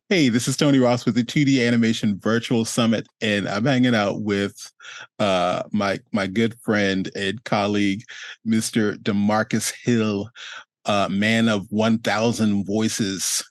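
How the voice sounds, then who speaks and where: A male host with a lowish voice chats loosely on a video call, rambling through fillers and slipping into quick impressions. The sound is dry and close, with no room around it. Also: fairly even intonation, no room sound. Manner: rambling, with many fillers, quick laughs and acted-out quotes. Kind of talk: casual interview chat.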